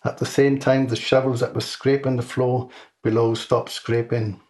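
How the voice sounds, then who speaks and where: Man narrating a deadpan comic story. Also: medium pitch, normal speed. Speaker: author reading his own story.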